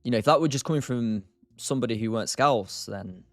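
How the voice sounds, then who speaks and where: A young man runs a live trading stream and keeps up a relaxed, chatty patter, greeting viewers by name and laughing between remarks. His voice sits in a middle register. It is recorded dry and close, with faint music under it. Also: medium pitch, fast, no echo. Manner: chatty, reads and answers chat by name, laughs often. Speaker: livestream day trader host. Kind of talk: casual live-stream chat.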